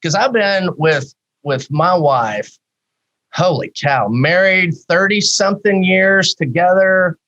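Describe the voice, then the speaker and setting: A psychologist in his fifties, guesting on a podcast interview, speaks slowly in a high voice, and the recording has its highs cut off. He's candid and animated, firing off many rhetorical questions.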